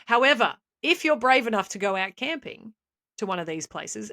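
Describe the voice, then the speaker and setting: A woman's voice: a little high, sing-song, normal speed, bright, forceful tone, no echo, clean studio sound. An Australian woman co-hosting a podcast, telling a comedic tale with playful mock-serious delivery. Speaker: podcast co-host.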